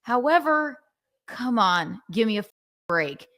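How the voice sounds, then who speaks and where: A woman's voice: fairly high pitch, very animated, a little slow, a bit bright. Female livestream co-host, chatty, sarcastic asides, restarts her phrases. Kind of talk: casual chat.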